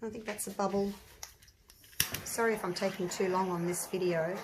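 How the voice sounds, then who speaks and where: A woman with a croaky, slightly hoarse voice at a middling pitch chats away to her viewers from her home craft space. She thinks out loud as she works, talking to the audience in an easy, unscripted way. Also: fairly even intonation, normal speed, noisy background. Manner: chatty, thinking aloud, talks to viewers. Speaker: resin craft vlogger. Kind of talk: casual chat while crafting.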